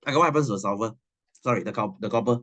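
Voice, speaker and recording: A man's voice: lowish voice, racing, a bit bright, lo-fi sound. A man, teaching a science class in a chatty, teasing way and laughing often. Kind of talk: classroom lesson.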